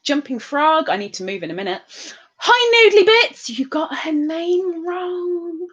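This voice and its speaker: A woman's voice: sits high, measured pace, highs cut off. A woman, hosting a livestream and chatting casually as she reads out and greets viewers' comments in a sing-song, giggly way. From England. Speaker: livestream host.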